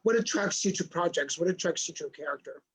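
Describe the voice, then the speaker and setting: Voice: mid-range voice, animated, fast talker, fairly bright tone, slightly rough, poor audio. An interview host asking long, winding questions with friendly restarts. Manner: friendly, rambling questions with restarts, shifting pace. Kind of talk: casual interview chat.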